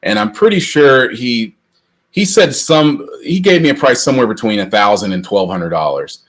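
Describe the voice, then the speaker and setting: A middle-aged man co-hosting a podcast, telling long rambling anecdotes with lively restarts. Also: mid-range voice, moderate pace. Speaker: podcast co-host. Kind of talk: casual storytelling chat.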